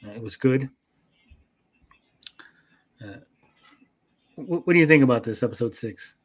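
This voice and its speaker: Male co-host, casual and profane, mid pitch, breaks into quick quoted voices while recapping. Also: lively intonation. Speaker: podcast host. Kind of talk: casual chat.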